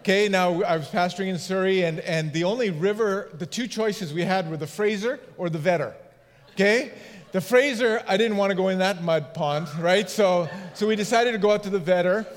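High-voiced pastor telling jokes. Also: male voice, a little fast. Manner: jokey storyteller who laughs at his own anecdotes. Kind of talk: humorous sermon storytelling. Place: church sanctuary. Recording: long hall reverb.

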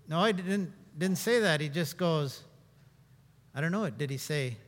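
A man preaching a sermon in a conversational, humorous way, swinging between loud and hushed. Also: a little high, moderate pace, big-room sound.

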